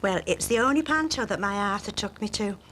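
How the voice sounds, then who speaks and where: An actress playing a kindly widow who is easily thrilled. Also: female voice, mid-range voice, animated, brisk, slight background noise, lightly acted. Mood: eager. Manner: warm-hearted, easily thrilled. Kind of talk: TV soap acting.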